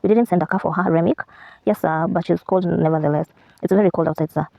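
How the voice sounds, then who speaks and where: Fussy devoted assistant guy, polite, talks quick, a woman doing him, dull sound. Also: fairly low pitch, creaky, dry recording. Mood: deferential. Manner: polite, deferential.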